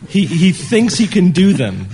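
A man's voice: high-pitched, darkish tone, a little hiss or hum. A man hosting a live podcast on stage, joking and laughing often with his co-hosts. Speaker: podcast host. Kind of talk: live podcast panel banter. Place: on stage before a live audience.

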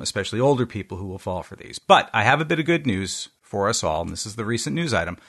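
A man from the United States with a fairly low, slightly bright voice co-hosts a podcast. During a casual panel chat, he presents a prepared segment in a wry, joking manner.

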